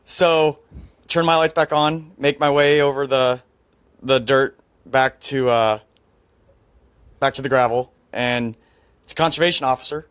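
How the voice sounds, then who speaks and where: A man's voice: medium pitch, fairly even intonation, measured pace, long pauses, fairly bright tone, clear, resonant tone, no room sound. A young adult man, a podcast guest, telling a story in casual chat, laying it out step by step with dry asides.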